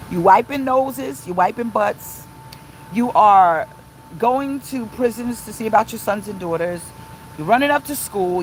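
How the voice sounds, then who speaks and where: A middle-aged woman pastor giving an impassioned, emphatic, repetitive live-streamed sermon from inside a car, pausing to read viewer comments. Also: fairly high pitch, a little hiss or hum, poor audio.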